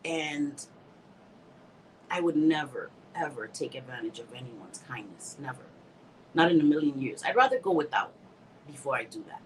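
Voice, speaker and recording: Recovering from a bad cold and a little stuffy, a woman hosts a casual livestream, answering viewer comments in a heartfelt, rambling way, emotional and teary but laughing. Her very deep voice is animated at a moderate pace with long pauses. The audio is poor, with slight background noise.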